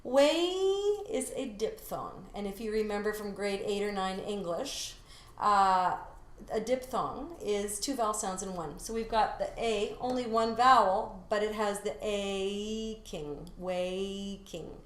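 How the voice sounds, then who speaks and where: A woman's voice: mid-range voice, a little slow, a bit bright, reverberant. A woman vocal coach teaching a singing lesson step by step, now and then singing short phrases to show a point. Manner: explains step by step, demonstrates sung phrases.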